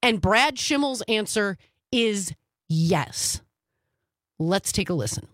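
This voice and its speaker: A woman's voice: mid-range voice, takes it slowly, no room sound, studio quality. A woman hosting a talk radio show, opinionated and emphatic, stretching out words to make her points. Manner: animated and emphatic, dragging out key words. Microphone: studio microphone.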